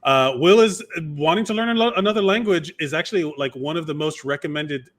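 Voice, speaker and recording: Man, bright tone, slightly high voice, rambling casual podcast chat. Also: expressive, a little fast. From Miami, USA. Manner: rambling, lots of fillers and restarts. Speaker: podcast co-host.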